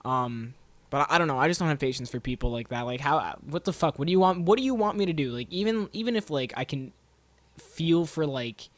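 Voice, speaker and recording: A man's voice: fairly high pitch, expressive, fairly quick, dry recording. A young adult man hosting a podcast, ranting casually in a profane, rambling way and saying "like" constantly. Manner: profane, rambling, heavy use of "like". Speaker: podcast host. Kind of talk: casual solo rant.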